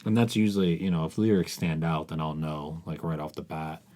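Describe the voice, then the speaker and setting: A man's voice: extremely low pitch, level tone, brisk, mellow. A man co-hosting a music podcast, talking hesitantly in casual chat and often trailing off. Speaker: podcast co-host.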